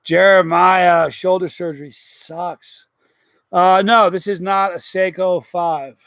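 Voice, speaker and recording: A middle-aged man hosting a casual live stream, rambling through stories and chatting with viewers in an animated way. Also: sits high, slow pace, gravelly, no echo.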